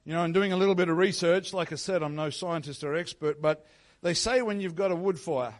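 A man giving a sermon as pastor in a church, moving from quiet reflective teaching into loud, fervent prayer. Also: on the high side, fairly quick. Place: church sanctuary. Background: soft instrumental music.

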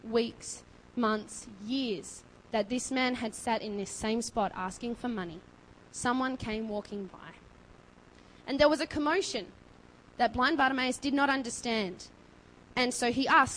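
A woman's voice: a little high, a little slow, slight background noise, poor audio. Impassioned woman preaching. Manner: impassioned, building to loud emphasis. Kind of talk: sermon.

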